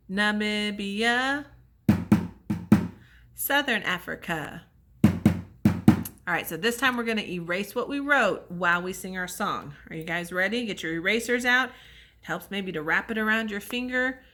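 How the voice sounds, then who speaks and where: A woman's voice: medium pitch, very noisy. A woman teacher leading children through a memory lesson with chants and motions, upbeat and encouraging. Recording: echoey room, voice from far off.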